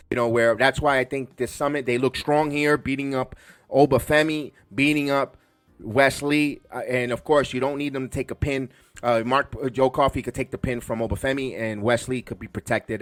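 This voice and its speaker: Excitable rambling podcast man, dry sound. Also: medium pitch, dry recording. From the Bronx, New York. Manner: rambling, excitable, many restarts. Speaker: podcast host. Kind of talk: casual wrestling show review.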